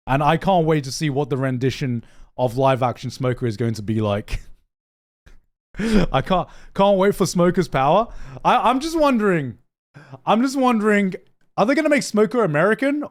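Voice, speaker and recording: Young man, streamer, casual reaction chat, slightly high voice, excitable, sweary, repetitive. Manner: excitable, swears freely, repeats and restarts words, laughs often. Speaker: streamer reacting to anime news.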